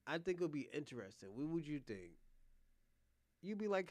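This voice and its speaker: A man from the United States hosts a livestream, reacting to clips and speaking straight to his viewers in a rambling, profane, casual way. His voice is fairly high and a little mellow, very animated at a moderate pace, with no echo.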